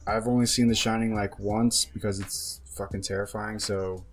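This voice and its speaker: A man's voice: lowish voice, level tone, moderate pace, soft background music. A man co-hosting a movie podcast, sharing his opinions in an easygoing, casual way. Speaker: podcast co-host. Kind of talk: casual movie review chat.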